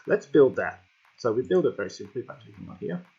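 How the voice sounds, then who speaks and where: A man hosting a gaming channel delivers very animated, casual let's-play commentary, talking to himself and the game as he plays. His mid-range voice is warm, slightly rough, and a little fast, coming through a slightly dull lo-fi home mic over faint music.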